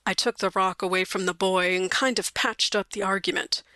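A woman narrating a story in a clear, measured, wryly expressive way. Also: medium pitch, no echo. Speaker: audiobook reader.

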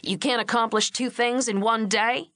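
A woman reading an audiobook voices a gruff, commanding middle-aged ranch patriarch who barks curt orders at his grown sons. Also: extremely high pitch, steady tone, moderate pace, pushed and bright, no room sound, studio quality, pitched above the performer's own voice, exaggerated voice.

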